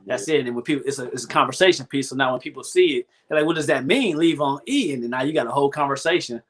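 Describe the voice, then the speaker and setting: Fast-talking animated man. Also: medium pitch. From Cleveland, USA. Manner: animated, keeps asking "you know what I mean". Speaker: guest, event MC. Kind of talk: casual chat.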